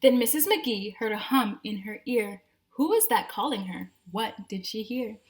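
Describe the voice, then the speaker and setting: A woman's voice: medium pitch, animated, measured pace, low-quality recording. Woman teacher reading a picture book aloud. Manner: gentle rhyming storytelling with asides to children. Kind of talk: children's read-aloud. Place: home.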